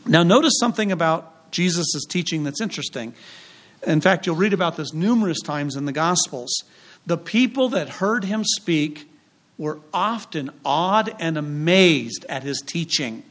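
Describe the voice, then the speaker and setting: A male pastor preaching a sermon, emphatic and punchy, with dramatic pauses, repetition and acted-out quotes. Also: on the high side, expressive, a bit bright.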